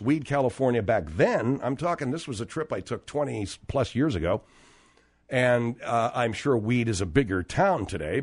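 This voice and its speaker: A man hosting a comedy radio talk show, telling a rambling story and getting exasperated with his sidekicks. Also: medium pitch. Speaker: radio host.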